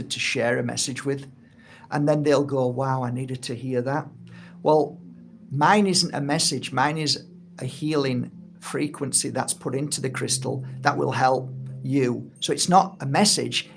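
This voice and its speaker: A man's voice: mid-range voice, vocal fry, slight background noise. A middle-aged man who teaches energy healing and founded his own course, talking in a casual, earnest and heartfelt monologue. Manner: earnest and heartfelt, acts out little quoted exchanges. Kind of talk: casual spoken monologue to camera.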